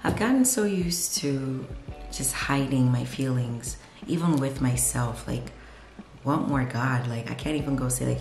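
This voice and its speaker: A woman's voice: a bass voice, animated, measured pace, gravelly, a little mellow, soft background music. A young woman in her twenties talking candidly in a home vlog, rambling and confessional, filled with "like". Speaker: vlogger. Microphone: camera mic, no lapel. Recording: echoey room on camera mic.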